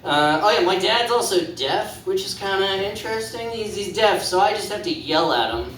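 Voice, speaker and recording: A man's voice: high-pitched, expressive, normal speed, a bit bright, distant mic, a little hiss or hum. A man doing stand-up, rambling and hesitant, with self-deprecating asides. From Canada. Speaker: stand-up comedian. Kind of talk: stand-up set. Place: comedy club stage. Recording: echoey room, mic from afar.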